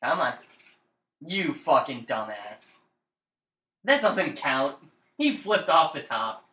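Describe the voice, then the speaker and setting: This young man takes his time, his fairly high, bright voice swinging widely in pitch and landing with force. As a gaming podcast co-host he teases his friend profanely and keeps daring him, in a room with a lot of echo.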